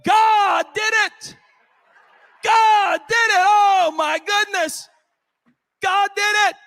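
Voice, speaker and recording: A man voicing a broke churchgoing woman who shouts her praise in ecstasy. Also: very high voice, steady tone, extremely slow, gravelly, voice pushed up, heavily acted. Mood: jubilant shouting.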